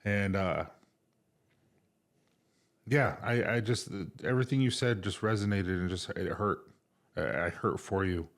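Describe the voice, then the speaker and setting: Dad podcast guy, low voice, rambly and choked up, lots of ums. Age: middle-aged. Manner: halting, emotional, many fillers. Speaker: podcast co-host. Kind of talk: casual podcast chat. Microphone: remote recording setup.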